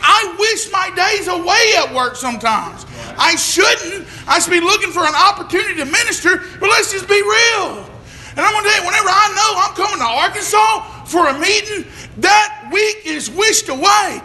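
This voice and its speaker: A man preaching a sermon, swinging between shouts and hushed tones. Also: very high-pitched. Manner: shouts and drops to a hush, preacher cadence. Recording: echoey room with faint noise.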